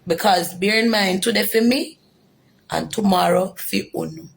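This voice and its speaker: A woman's voice: medium pitch, normal speed, creaky. A young Jamaican woman giving an earnest, emotional personal testimony, repeating herself for emphasis. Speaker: former detainee telling her story.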